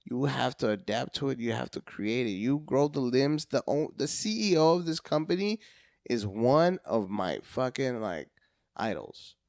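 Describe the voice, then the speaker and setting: A man's voice: medium pitch, animated, moderate pace, a little mellow, no echo, studio quality. A man on a podcast, a comedian chatting casually, hyperactive, cursing a lot and acting out phone calls in different voices.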